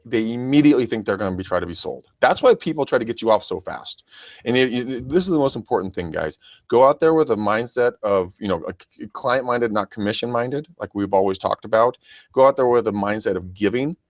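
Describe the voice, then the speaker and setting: A man's voice: mid-range voice, lively intonation, a little fast, no echo. A man coaching real estate agents in a casual podcast, chatty and full of restarts. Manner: chatty, stammering, addresses listeners as guys.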